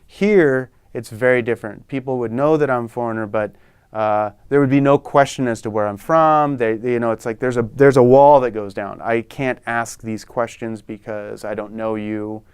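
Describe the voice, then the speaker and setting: American man, middle-aged, animated, chatty, smooth, dry. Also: medium pitch, moderate pace, no echo. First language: English. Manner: chatty, animated, acts out quoted voices. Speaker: guest, photographer. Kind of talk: relaxed conversational storytelling.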